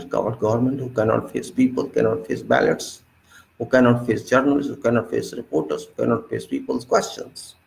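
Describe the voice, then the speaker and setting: Indignant man with a gravelly voice. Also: medium pitch, a little mellow, low-quality recording. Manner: indignant, repetitive, lecturing. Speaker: political commentator. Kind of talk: impassioned monologue.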